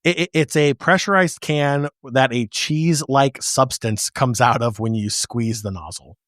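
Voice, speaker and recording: A man from the United States co-hosts a casual podcast in an average-pitched voice. He asks earnest questions and laughs easily, recorded dry and close. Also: measured pace, fairly bright tone, dry recording. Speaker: podcast co-host.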